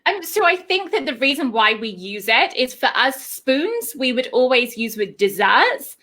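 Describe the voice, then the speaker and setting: A woman's voice: high-pitched, very animated, normal speed, bright, forceful tone. A young British woman chatting casually on a live stream, talking in a loose, filler-heavy way. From United Kingdom. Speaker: English teacher co-host.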